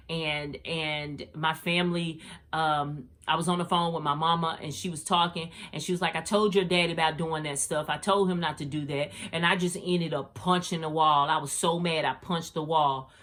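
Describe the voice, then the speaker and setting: A middle-aged woman hosting a podcast, telling a personal faith story in a casual, slangy way and talking straight to her listeners. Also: low-pitched. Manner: animated, slangy, addresses listeners as y'all. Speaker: podcast host.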